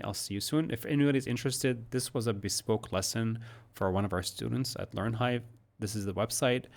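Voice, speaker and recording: Low-voiced man teaching slow pronunciation drills. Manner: slow deliberate model sentences broken into segments, casual asides. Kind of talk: recorded one-on-one lesson with screen annotation.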